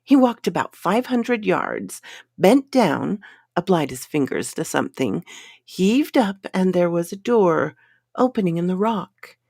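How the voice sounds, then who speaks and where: A woman narrating a pulp science fiction story in a dramatic, unhurried reading style. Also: fairly low pitch, very animated, gravelly, a little mellow, slightly rough, no echo, clean studio sound.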